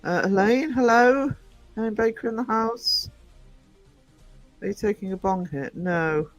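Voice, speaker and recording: High-voiced man chatting on a livestream. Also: unhurried, soft background music. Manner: chatty, affectionate, calls viewers sweetie and darling; scattered, frequent ums and trailing off while reading chat. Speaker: live streamer greeting viewers. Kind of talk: casual live-stream chat.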